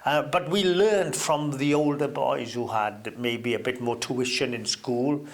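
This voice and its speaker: An older man from Wales, a guest on an interview, reminiscing in a relaxed anecdotal way with hesitant fillers and sudden lifts in pitch. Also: unhurried.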